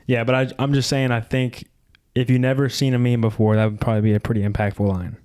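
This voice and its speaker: A young man co-hosts a casual film-reaction podcast at a brisk clip. His pitch sits in an ordinary middle range. He rambles, restarts sentences and piles on fillers as he argues his point. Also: level tone, darkish tone. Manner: quick, rambling, lots of restarts. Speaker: podcast co-host. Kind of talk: casual movie reaction chat.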